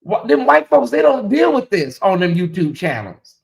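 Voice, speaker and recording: A middle-aged man hosting a casual livestream, talking straight to his chat in an animated, teasing way. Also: high-pitched, normal speed, creaky. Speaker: livestream host. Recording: echoey room.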